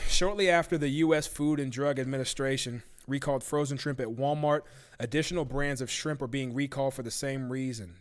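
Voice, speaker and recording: A man hosting a live-stream talk show, ranting casually with profanity and disbelief. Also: mid-range voice. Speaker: livestream talk show host.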